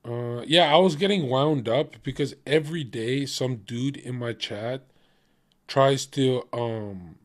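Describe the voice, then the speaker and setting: A male streamer at a middle pitch, talking straight into his mic. He argues with his chat, swears freely and laughs between jabs in a loose, combative rant. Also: slow. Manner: profane, combative, laughs often. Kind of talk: casual livestream rant.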